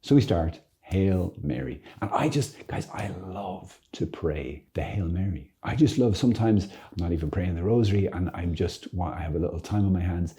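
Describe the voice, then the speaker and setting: A male priest gives a casual teaching talk, playful and joking with sudden lively bursts. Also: low-pitched, moderate pace, few pauses. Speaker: Catholic priest and friar.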